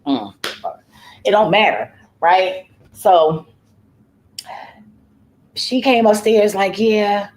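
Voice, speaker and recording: A woman's voice: medium pitch, expressive, very slow, pauses often, a little mellow, poor audio. A woman who works as a home care worker, talking casually in a vlog. She tells her story in a profane, rambling way, often trailing off and starting over.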